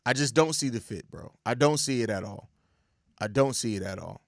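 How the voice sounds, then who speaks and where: A man's voice: mid-range voice, animated, normal speed, vocal fry, no room sound, studio quality. A young man hosting a sports show, ranting in exasperated, profane casual commentary and repeating himself. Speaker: sports podcast host.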